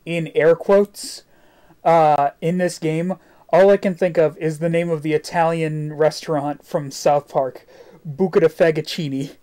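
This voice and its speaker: A game streamer talks live over gameplay in a mid-pitched voice. The commentary is rambling and loose, full of sarcastic asides. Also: steady tone, moderate pace, warm tone.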